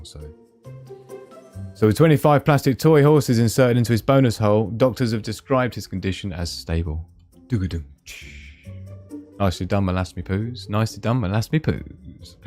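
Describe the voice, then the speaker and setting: Chatty man, low dry voice. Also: a little mellow, dry recording. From Scotland. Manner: chatty, laughs often, reads out memes. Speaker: live stream host. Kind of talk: casual live stream chat.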